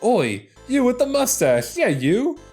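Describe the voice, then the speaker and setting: Casual: gamer doing a cocky ghost guy, mock aussie, pitched way up, bouncy and taunting, game music faint behind. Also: very animated, a little slow, a little mellow, husky. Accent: mock Australian. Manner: brash, taunting, drops oi and mate. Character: cocky male ghost jar collector.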